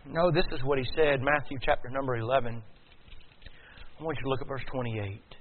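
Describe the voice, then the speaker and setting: Male preacher, mid-pitched, builds from hushed to loud emphasis; thin, narrow sound. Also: fairly even intonation, a little fast. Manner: swings from quiet to loud, rising emphatic. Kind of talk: sermon. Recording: tinny phone-like sound.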